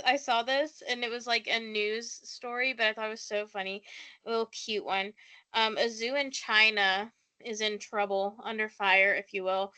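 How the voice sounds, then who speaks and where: A woman co-hosting a pop culture podcast, chatting casually with lots of fillers and easy laughter. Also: on the high side. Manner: animated, laughs easily, many fillers. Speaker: podcast co-host. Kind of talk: casual chat.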